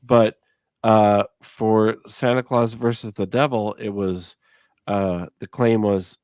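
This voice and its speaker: Tipsy middle-aged man ranting, low voice. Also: steady tone, takes it slowly, darkish tone, clear, resonant tone, no echo. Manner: profane, slightly slurred ranting. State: tipsy from drinking. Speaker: podcast host. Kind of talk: casual chat.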